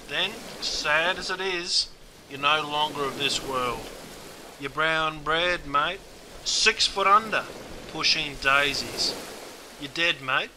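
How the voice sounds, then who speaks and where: A man with an Australian accent presenting a scripted comic lesson on slang in a blokey, mock-gruff manner. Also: a little high, takes it slowly, background noise.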